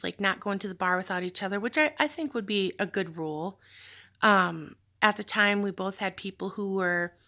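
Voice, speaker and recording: A woman's voice: mid-range voice, fairly bright tone. A woman telling a personal story in a candid, reflective vlog, with sighs and fillers. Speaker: vlogger telling her story.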